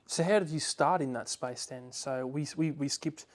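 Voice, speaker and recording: Podcast host: man with a fairly high voice, casual and profane. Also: normal speed. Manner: blunt and casual, swears freely.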